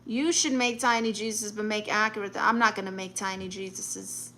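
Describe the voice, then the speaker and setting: A woman's voice: medium pitch, fairly even intonation, normal speed, pushed and bright. A woman hosting a casual live stream, reading viewer comments aloud and answering with blunt, sassy comebacks. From Puerto Rican and Guatemalan family.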